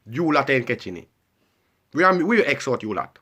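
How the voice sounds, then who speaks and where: A man's voice: mid-range voice, sing-song, normal speed, bright, forceful tone, husky. A man delivering a heated, repetitive ranting monologue and pressing the listener with questions. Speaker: vlogger.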